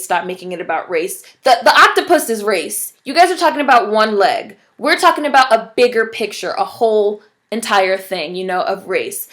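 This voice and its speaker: A woman's voice: fairly high pitch, fairly bright tone. Impassioned woman talking to camera. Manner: impassioned, emphatic, addresses viewers directly. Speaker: vlogger. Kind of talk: direct-to-camera commentary.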